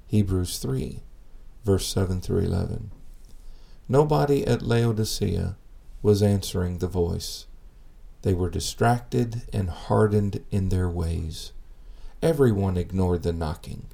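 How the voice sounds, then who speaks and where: A man preaching a sermon in an earnest, measured way, asking rhetorical questions. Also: fairly low pitch, creaky, mellow.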